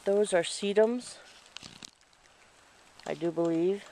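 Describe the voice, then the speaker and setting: Brief: male vlogger, high voice, rambling and chatty, outdoors on a handheld camera mic. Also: takes it slowly, dark tone, a little hiss or hum, rough recording. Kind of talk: casual garden walk-through. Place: outdoor garden in light rain.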